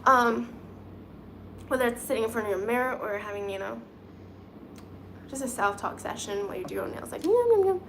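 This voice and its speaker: A woman hosting a casual live stream, chatting and giggling while she does her nails and thinks out loud. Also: mid-range voice, steady tone, a little fast, vocal fry, long pauses, a little hiss or hum. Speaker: livestream host reading chat.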